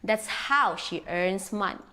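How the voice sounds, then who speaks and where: A woman's voice: medium pitch, lively intonation, slow pace, sharp tone. A woman narrating a scripted video clip in a wry, jokey way.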